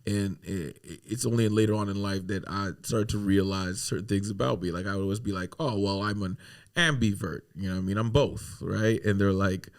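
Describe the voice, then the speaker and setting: A man's voice: lowish voice, brisk. A man in his thirties hosting a podcast, chatting casually and joking, acting out voices with lots of laughter. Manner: joking, animated, acts out voices and laughs often. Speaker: podcast host. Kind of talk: casual chat.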